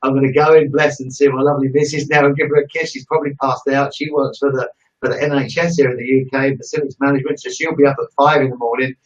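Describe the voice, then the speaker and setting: A man's voice: mid-range voice, level tone, quick pace, recorded from a distance, lo-fi sound. A British man hosting an interview, talking effusively and telling a story with gusto. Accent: British English. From United Kingdom. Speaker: interview host. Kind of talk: enthusiastic live-stream sign-off.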